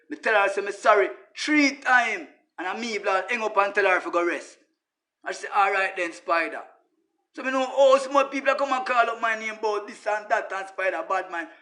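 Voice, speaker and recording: A Jamaican man with a high, bright voice delivers a casual monologue that rambles and repeats itself. He talks emphatically in patois and keeps turning to his listeners with "you hear that?". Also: fairly quick. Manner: emphatic, repetitive, addresses listeners as brother. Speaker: social media personality.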